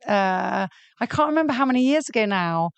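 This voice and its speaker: Young woman podcast host, clear smooth tone, dry close sound, jokey storyteller. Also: medium pitch, lively intonation, fairly quick, no room sound. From Lebanese family. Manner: chatty, jokey storyteller who acts out quotes. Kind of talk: casual podcast chat.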